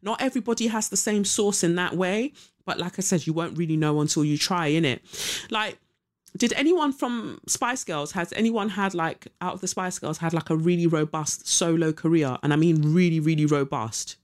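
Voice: medium pitch, normal speed. Chatty podcast host, sarcastic. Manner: opinionated, sarcastic, chatty, full of fillers. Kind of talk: casual chat, reading news aloud.

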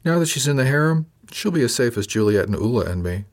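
A man voicing a sharp-witted young female crew member who teases with a mock-innocent manner. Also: medium pitch, very animated, fast talker, pitched above the performer's own voice. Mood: sly teasing.

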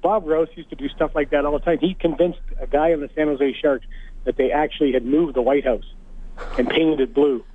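A man's voice: on the high side, fairly even intonation, a little fast, dry recording. Man telling stories over a tinny phone line. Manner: chatty, laughing anecdotes. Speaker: guest hockey analyst, former coach. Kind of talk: casual storytelling on sports radio. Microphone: phone call.

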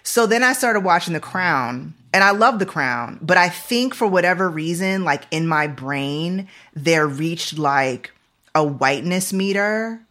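A woman's voice: on the low side, expressive, unhurried, fairly bright tone. A woman in her forties hosting a podcast in casual chat, talking loosely with lots of "like" and "you know". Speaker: podcast host.

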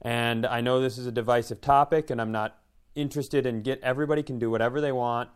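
Smooth-voiced man telling a rambling story. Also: mid-range voice, fairly even intonation. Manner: rambling, self-deprecating storyteller; quick, offhand delivery with profanity. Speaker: podcast co-host, comedian. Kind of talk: casual podcast chat, storytelling.

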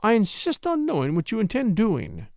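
A fretful young widow from an old-fashioned story, pleading and scolding by turns, as a man puts her on. Her voice rides high above the teller's own, plaintive and lively, with a gravelly edge. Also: normal speed, dry recording, clean studio sound, heavily acted. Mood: pleading, anxious.

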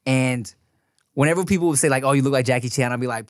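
A man's voice: medium pitch, fast talker, no echo, studio quality. An American man in his thirties co-hosting a podcast, talking in a loose, profane way and laughing often. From United States. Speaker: podcast co-host. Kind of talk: casual chat.

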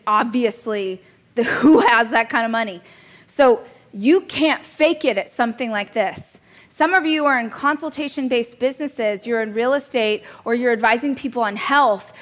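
A woman's voice: fairly high pitch, fairly bright tone. A woman in her thirties teaching a business coaching class in a chatty, joking way, laughing at herself now and then. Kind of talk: casual coaching class talk.

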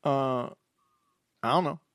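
A man's voice: mid-range voice, takes it slowly, a bit bright, no room sound, clean studio sound. A man who is a comedian, chatting casually and hedging his points, saying again and again that he is only asking. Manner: hedging, keeps repeating that he is just asking. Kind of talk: casual podcast chat.

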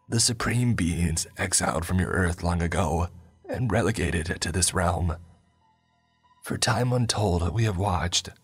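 A man voicing a menacing fallen god speaking through a possessed woman's body, rough and scratchy. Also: sits low, heavily acted. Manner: menacing, grandiose.

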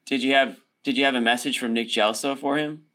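A man on a basketball postgame panel, talking in halting restarts with wry jokes. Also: medium pitch, fairly even intonation, a crowd in the background. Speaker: sports podcast panelist. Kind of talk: casual postgame podcast chat.

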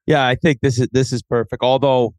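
Brash, self-mocking ex-hockey player. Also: male voice, medium pitch, steady tone, a little fast, darkish tone, dry recording. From Scituate, Massachusetts. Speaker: podcast guest, former hockey player. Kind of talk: casual podcast chat.

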